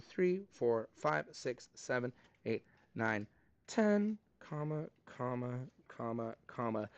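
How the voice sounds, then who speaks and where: High-voiced upbeat math teacher. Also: male voice, clean tone, no room sound. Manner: upbeat, counts steps aloud, thinks aloud while working. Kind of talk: live class review lesson.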